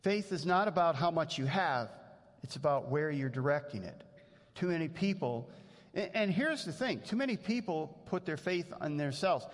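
A man's voice: on the high side, expressive, normal speed. A man preaching a sermon as pastor, earnest and conversational, with frequent restarts. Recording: long hall reverb.

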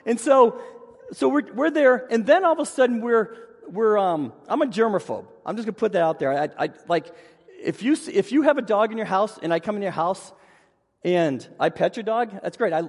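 A man with a high voice preaches from the pulpit, telling funny stories about himself in an animated way. His voice rings out with a long reverb, as in a church sanctuary. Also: a little fast, breathy edge. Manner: animated storyteller, self-deprecating humor. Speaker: pastor. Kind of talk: sermon with personal storytelling.

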